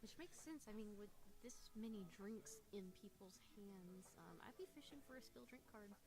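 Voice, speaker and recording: A soft-spoken young woman commentating a card game tournament on a live stream, with easygoing, giggly banter. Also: mid-range voice, animated, moderate pace.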